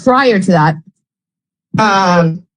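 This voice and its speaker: A woman's voice: mid-range voice, expressive, drawn-out words, rough recording. A woman telling a story in casual livestream talk, rambling with many fillers, swearing, and getting heated.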